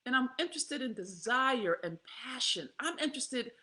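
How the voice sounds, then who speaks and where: A woman, telling a candid personal story to her viewers in a profane, animated way, laughing often. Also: sits high, normal speed. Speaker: vlogger.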